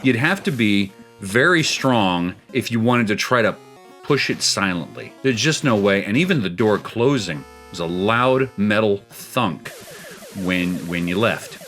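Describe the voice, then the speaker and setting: A man's voice: lowish voice, lively intonation, a little slow, a bit bright, soft background music. A man hosting a gaming show, telling a spooky story in a rambling, chuckling way with plenty of restarts. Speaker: show host.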